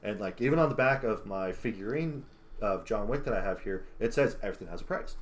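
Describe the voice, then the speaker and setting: A young man talks through a film plot on a casual podcast. His voice sits a little low, and he rambles with lots of fillers and quoted dialogue. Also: lively intonation, quick pace. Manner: rambling, filler-heavy retelling of a film scene. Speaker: podcast co-host. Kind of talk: casual chat.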